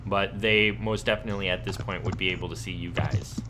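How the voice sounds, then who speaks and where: Deep-ish guy running a tabletop game, lots of ums, bit of background hiss. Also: fairly even intonation. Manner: halting, full of ums and likes. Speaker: game master.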